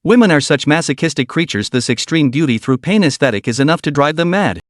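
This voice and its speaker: A man reads a web novel aloud in scripted narration. His voice sits somewhat high for a man and is recorded dry and close. The reading stays even and steady. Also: fast talker, no room sound.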